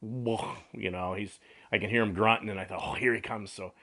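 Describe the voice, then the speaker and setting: A man's voice: lowish voice, a little fast. A middle-aged man telling a hunting story in a casual chat, acting out quotes and laughing often. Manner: animated, laughing storyteller who acts out quotes. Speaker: radio show host, hunting guide.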